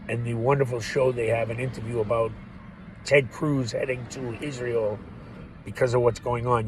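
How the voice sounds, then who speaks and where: A man's voice: mid-range voice, darkish tone, slight background noise, poor audio. A man rambling through a profane, laugh-filled monologue as a vlogger. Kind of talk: ranting monologue.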